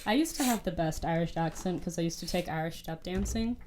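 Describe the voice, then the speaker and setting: Blunt woman with a lowish voice. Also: fairly quick, a loud crowd. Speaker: podcast panelist. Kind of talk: casual chat.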